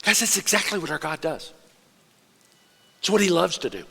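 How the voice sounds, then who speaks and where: A man preaching a sermon in a church in a lively, conversational way, now and then putting on voices. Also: high voice, gravelly, slightly rough. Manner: animated, conversational preaching with quick put-on voices. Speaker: pastor. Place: church auditorium. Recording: long reverb of a large church hall.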